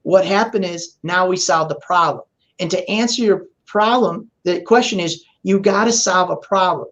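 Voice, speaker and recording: A podcast guest expert with a high voice speaks at normal speed, explaining things in a relaxed way. He tells a long story and acts out the voices of the people he quotes.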